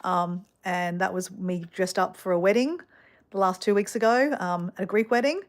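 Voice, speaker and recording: Middle-aged Australian woman, casual vlogger, rambling storyteller, slightly low voice. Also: normal speed. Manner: chatty, rambling, lots of fillers and asides.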